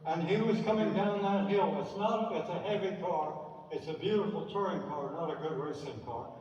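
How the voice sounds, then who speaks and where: An older man with a fairly high voice tells stories in a relaxed, chatty way as he clicks through old photos. He sounds distant from the mic, and his voice rings around a large echoing theater with a long reverb tail. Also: normal speed, highs cut off, a little hiss or hum. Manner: chatty, anecdotal, with dry asides. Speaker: speaker presenting a slideshow. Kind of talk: casual reminiscing talk over slides. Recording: echoey hall, distant from mic.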